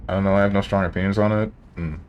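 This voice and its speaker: A man's voice: sits low, fairly even intonation, very fast, smooth, highs cut off. A man streaming a video game, chatting and joking with his viewers. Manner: joking, banter with chat. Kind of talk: casual chat while playing a video game.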